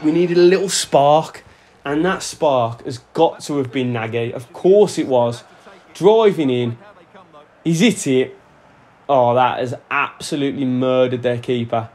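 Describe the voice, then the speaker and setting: A young man giving excitable, sweary commentary over a football video game, shouting at his players. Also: mid-range voice. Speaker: gaming YouTuber. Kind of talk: live gameplay commentary. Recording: faint music under voice.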